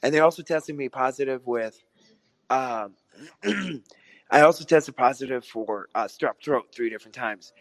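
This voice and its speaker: A hoarse man co-hosts a casual podcast chat, clearing his throat and coughing often. He rambles through his points and keeps asking his partner questions. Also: medium pitch, unhurried, dry recording. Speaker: podcast co-host.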